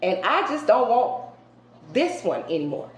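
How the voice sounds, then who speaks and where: A woman doing a casual tarot card reading for her viewers. She talks colloquially and emphatically, jumping between loud outbursts and hushed asides. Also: fairly high pitch, big pitch swings, unhurried. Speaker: tarot reader. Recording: roomy echo with faint background hiss.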